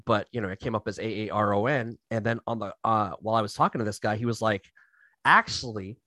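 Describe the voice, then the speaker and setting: A man's voice: lowish voice, quick pace, pushed and bright, no echo, studio quality. A man co-hosting a podcast in casual chat, joking around and telling stories with animation. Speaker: podcast co-host.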